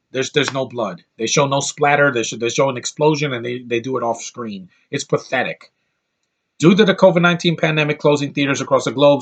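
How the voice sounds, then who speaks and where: A man's voice: mid-range voice, fairly bright tone. Blunt, exasperated man ranting. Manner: exasperated, blunt, swears freely, repeats himself. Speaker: movie reviewer. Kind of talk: ranting movie review.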